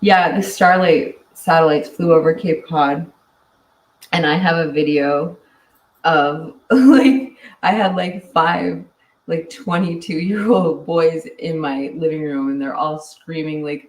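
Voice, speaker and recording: With a deep, steady voice, a woman takes her time as she hosts a casual livestream, reading viewer comments and chatting. She laughs often but sounds worn out and ready to wrap up. Her mic sits at a distance in a room that echoes.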